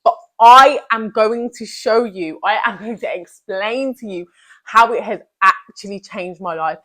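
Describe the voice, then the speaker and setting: A woman's voice: medium pitch, unhurried, bright, forceful tone. A young woman giving an emphatic, chatty motivational talk to camera, full of slang and repetition. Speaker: self-improvement vlogger.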